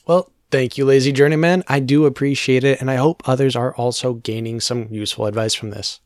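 A man hosting a podcast, speaking in even, measured conversation and addressing his listeners. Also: medium pitch, dry recording, studio quality. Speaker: podcast host.

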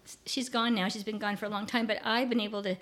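A woman's voice: medium pitch, fairly even intonation, quick pace, a bit bright. An older woman chatting as a guest in an interview, enthusiastic and rambling, with frequent restarts. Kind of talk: casual conversational interview.

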